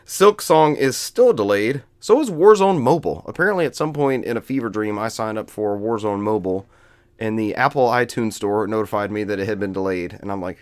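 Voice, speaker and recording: A man's voice: lowish voice, expressive, a little fast, clear, resonant tone, no room sound. A man hosting a casual video game podcast, rambling and joking with frequent laughs. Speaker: podcast host.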